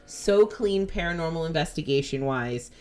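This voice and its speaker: Low-voiced woman podcast host, chatty and excited, telling a story. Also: moderate pace. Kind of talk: casual podcast chat.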